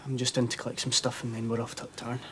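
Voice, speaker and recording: An actor playing a defensive young Scottish husband in a TV soap, curt and impatient. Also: male voice, medium pitch, monotone, very fast, a bit bright, a little hiss or hum, natural voice. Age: young adult. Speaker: son. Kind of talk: TV soap drama.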